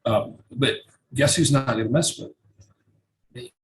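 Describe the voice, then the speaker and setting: A man's voice: mid-range voice, a little slow, rough recording. Casual, profane man teaching. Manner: loose and profane, thinking aloud. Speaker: marketing instructor. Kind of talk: casual screen-share tutorial.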